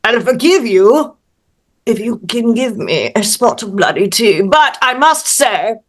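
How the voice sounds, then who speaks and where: Brief: woman voicing a tiny British vampire mouse gent, unhurried, polite but put out. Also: on the high side, sing-song. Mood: fussy, indignant. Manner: prim, indignant, overly polite. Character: tiny fussy male vampire mouse gentleman.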